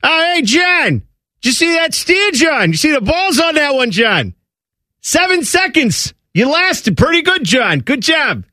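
A man voicing a loud, rowdy male rodeo fan in a thick put-on accent as a comic bit on talk radio. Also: very high voice, sing-song, unhurried, dry recording, clean studio sound, voice pushed up, heavily acted. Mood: boisterous. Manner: hollering, drawn out, keeps repeating a name.

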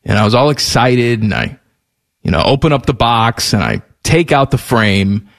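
A man's voice: mid-range voice, normal speed, creaky. A man co-hosting a podcast in casual chat, telling stories with animation. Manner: animated storytelling. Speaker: podcast co-host.

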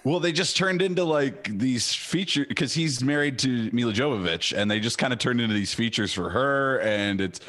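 A man's voice: mid-range voice, moderate pace, hardly any pauses, fairly bright tone. A man co-hosting a podcast, chatting casually in an opinionated way and drifting into tangents. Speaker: podcast co-host. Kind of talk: casual chat.

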